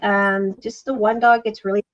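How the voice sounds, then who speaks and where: A woman's voice: medium pitch, level tone, moderate pace, highs cut off. A woman hosting a casual craft livestream, chatting and rambling as she works, often breaking off mid-sentence. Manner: chatty, rambling, self-interrupting.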